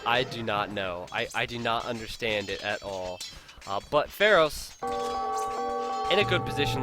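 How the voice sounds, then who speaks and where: A man's voice: mid-range voice, pushed and bright. A man giving live play-by-play commentary on a strategy game match, chatty and openly incredulous, laughing at the players' blunders. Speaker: game caster.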